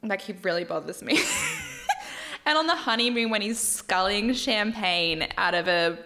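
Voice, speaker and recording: A woman's voice: medium pitch, expressive, moderate pace, bright, forceful tone. A woman with an Australian accent hosting a reality TV recap in casual chat, gushing, swearing freely and giggling often.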